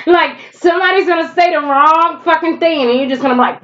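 A woman's voice: sits high, moderate pace, a bit bright, dull audio. A woman giving a casual tarot reading, chatty and blunt, swearing freely and laughing often, with a stuffy nose from allergies. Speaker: tarot reader.

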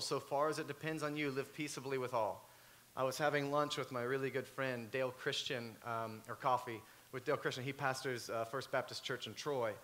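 A man, preaching a sermon and telling a story with lively swings between loud and hushed. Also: medium pitch, slight background noise. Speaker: pastor.

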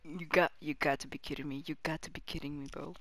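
A young woman gaming with a teammate, swearing often and swinging between tense whispers and panicked yelling. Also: deep voice, fairly even intonation, fast, background noise. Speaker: gamer. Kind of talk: live gameplay chat with a teammate.

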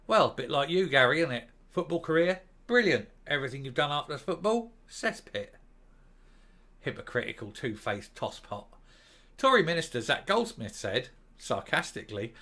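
A man ranting through a commentary monologue with open scorn and sarcasm. His voice sits fairly high and swings widely, bright and cutting in tone. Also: sing-song, normal speed. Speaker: commentary vlogger.

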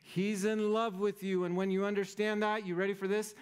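A man's voice: high voice, level tone, a little fast, smooth. A man preaching a sermon as pastor, conversational and playful, often checking in with the congregation. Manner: conversational, playful, keeps asking "right?".

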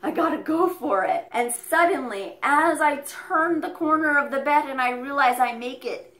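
A woman telling a story on her parrot vlog, animated and laughing as she acts out what was said. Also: sits high, moderate pace, reverberant. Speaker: parrot vlogger. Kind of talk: casual story time.

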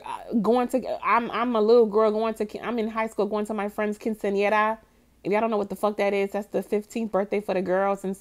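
A woman from Florida giving a blunt, profane, heated reaction rant in casual talk. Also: mid-range voice. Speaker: commentary vlogger.

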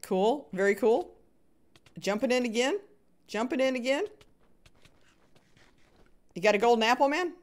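Her voice sits on the high side, expressive and a little slow, with long pauses, as this streamer narrates a live Minecraft session. Between chatting with viewers and cheering on fellow players, she hums small sound effects while playing.

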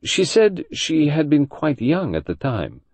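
A man playing a fastidious older detective who questions people in a precise, formal manner in an audiobook. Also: on the high side, wildly swooping pitch, a little mellow, husky, no room sound, pitched above the performer's own voice, exaggerated voice. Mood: probing. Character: fastidious elderly male detective, polite and probing.

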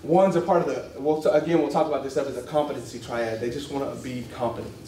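A man teaching a church class in a casual, animated way, often acting out quoted voices and laughing. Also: mid-range voice, fast. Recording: echoey room, distant mic, faint hiss.

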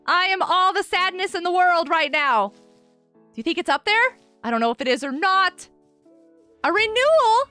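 A woman live-streaming a block-building game, excitedly chatting with viewers and cheering players on. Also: very high-pitched, dry recording. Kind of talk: live Minecraft stream chat.

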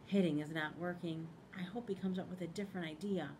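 A woman principal reading a picture book aloud to children in a school library, expressive, pausing to ask them questions. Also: fairly low pitch, background noise.

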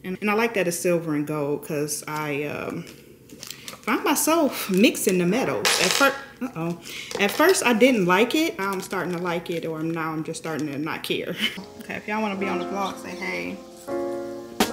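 Chatty woman vlogger, low voice. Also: expressive, normal speed, loud music behind the voice. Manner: chatty, laughs often, folksy slang. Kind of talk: casual chat to camera.

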